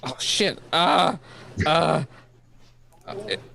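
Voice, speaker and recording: A man's voice: on the high side, extremely slow, vocal fry, bright, forceful tone. A man co-hosting a livestream in casual chat, rambling and tripping over his words. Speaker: stream co-host.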